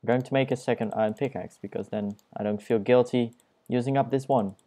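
A young man giving casual, self-mocking commentary while he plays a video game, dropping puns in a flat tone. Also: medium pitch, brisk. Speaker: Let's Play gamer.

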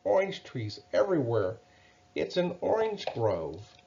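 A man's voice: on the high side, huge pitch swings, a little slow, vocal fry, dark tone, far from the mic, dull audio, a little hiss or hum, exaggerated voice. A man voicing a friendly, easygoing young orange tree in a storybook.

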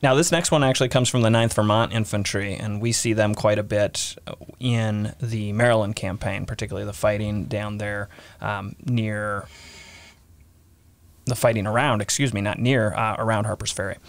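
A man's voice: lowish voice, steady tone, moderate pace, dry recording. A man hosting a casual history podcast, reading quotes aloud and laughing easily. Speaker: podcast host.

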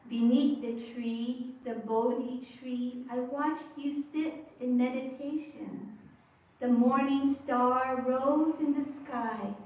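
A woman priest voicing the Buddha's devoted young mother in a slow, lilting recited poem, softly repeating each closing line, heard from a distant mic in an echoey room. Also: high-pitched, steady tone. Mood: tender. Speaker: Zen priest.

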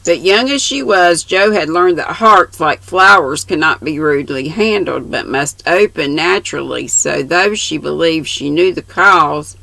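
An older woman reading a novel aloud, slow and unhurried, stopping to correct herself and mutter asides. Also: low voice, gravelly, pushed and bright, dry recording, rough recording. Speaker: channel host reading aloud.

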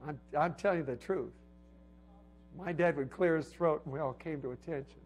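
A middle-aged man preaching a sermon in a conversational way, building to emphatic peaks and then dropping low and quiet. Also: normal speed, soft background music. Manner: conversational preaching with emphatic swells and soft drops.

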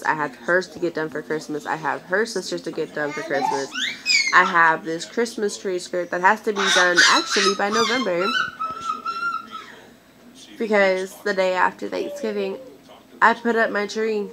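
Against a noisy background, a lowish-voiced woman in her twenties chats casually to camera as a vlogger. She rambles and vents, hesitating often, and seems near tears.

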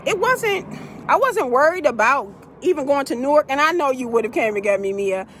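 Animated high-voiced woman vlogging. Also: slight background noise. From United States. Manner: animated, addresses viewers as y'all, acts out quoted people. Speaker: vlogger telling a travel story. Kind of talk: casual storytelling to viewers.

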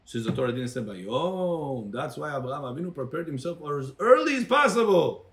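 A man's voice: a little high, very animated, a little fast, very noisy. A rabbi teaching a Torah class to a congregation. He calls on listeners by name, quizzes them, and switches between English and Hebrew phrases.

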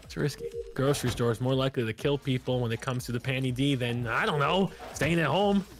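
A man streaming a game, chatting casually in a rambling, animated way with music behind. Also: medium pitch, quick pace. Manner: animated, rambling, laughs often. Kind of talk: casual gaming chat.

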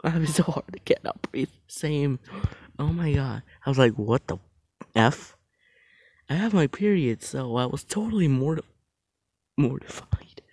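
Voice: medium pitch, normal speed, darkish tone, husky, dry recording. A creator who reads funny texts aloud, laughing often and apologizing for it. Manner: laughs often while reading. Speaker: video creator.

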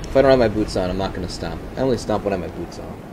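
Speaking very fast over background noise, a man commentates on a game while cursing nonstop. He mutters low to calm himself, then erupts into screaming fury, as a gaming commentator.

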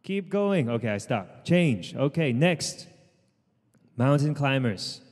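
A man leading an outdoor group workout as trainer, calling out counts and urging people on, with quick asides in Cantonese. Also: mid-range voice, big pitch swings, long reverb tail. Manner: shouted counting and encouragement, switching into Cantonese asides. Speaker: fitness trainer. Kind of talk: live workout coaching. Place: outdoors in the sun.

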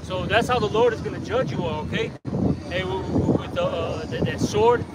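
Confrontational street preacher, man, very high voice, distant mic, heavy traffic noise behind. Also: normal speed. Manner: loud, confrontational, frequent "okay?" tag. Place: outdoors on a street.

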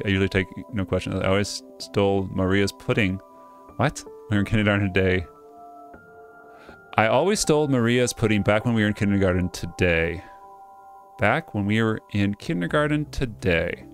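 Low-voiced male let's player, wry and self-interrupting, reading game text with faint music behind. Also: gravelly. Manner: wry, self-interrupting, stumbles over names. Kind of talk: reading a game script aloud with jokey asides.

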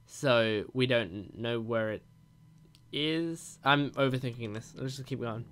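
A man hosting a gaming channel, excitedly reacting as he plays, reading text messages aloud and shouting at the screen. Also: mid-range voice, measured pace, a little hiss or hum. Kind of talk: reacting while playing a game.

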